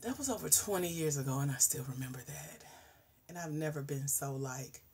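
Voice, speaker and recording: A woman, hosting a casual livestream chat, animated and talkative, dropping into hushed asides and rising into loud exclamations. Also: low voice, a little fast, a little hiss or hum. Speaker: host.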